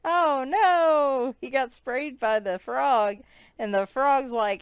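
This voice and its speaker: Slow-talking giggly woman, smooth voice. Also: sits high, no echo. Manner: giggly, amused, chatty. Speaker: coloring book reviewer. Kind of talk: casual flip-through commentary.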